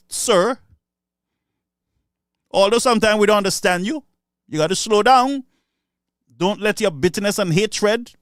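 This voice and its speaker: A man's voice: high voice, no room sound, studio quality. A man with a Saint Lucian accent giving an impassioned political speech, sarcastic and mocking. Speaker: political commentator.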